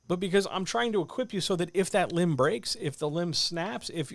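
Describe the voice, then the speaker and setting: A man coaching writers in a livestreamed talk, animated and addressing listeners directly, with muttered asides to himself. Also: sits high, moderate pace, few pauses, dry recording. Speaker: writing coach. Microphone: desk microphone.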